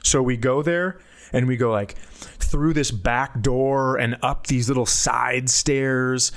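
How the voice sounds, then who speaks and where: A man, a podcast co-host and comedian, telling a story in casual chat and jumping high when he quotes people. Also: slow pace. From United States. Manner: animated storyteller, jumps to high voices for quotes.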